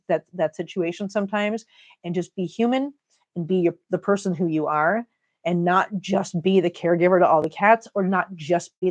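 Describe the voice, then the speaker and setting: A middle-aged woman with an Upper Midwest American accent talks loosely to her live-stream viewers. She laughs easily and answers comments aloud in a relaxed, chatty way, with a voice of average pitch. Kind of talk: casual live-stream chat.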